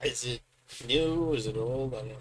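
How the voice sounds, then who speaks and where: A man's voice: medium pitch, normal speed, a little hiss or hum, poor audio. A man hosting a livestream, chatting casually and rambling while he searches for clips. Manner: rambling, relaxed, talks to chat. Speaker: livestream host.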